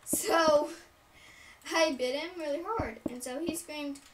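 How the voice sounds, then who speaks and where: A young woman vlogger tells a childhood story in a casual, rambling way, full of fillers and side remarks. Her voice is high and slow. The mic is distant and the room is noisy.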